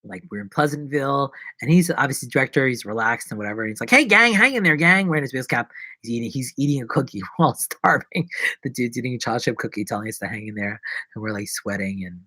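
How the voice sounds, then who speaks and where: A young man talking to his viewers on a live stream, joking and wandering from one thought to the next. His voice sits at an ordinary middle pitch, and he swings from loud outbursts down to near-mumbles. The sound is dry and close, with no room around it. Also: fast, breathy edge, dry recording. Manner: jokey and rambling, swinging between loud bursts and low mumbles. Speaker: actor and vlogger. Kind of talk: casual rambling live-stream chat.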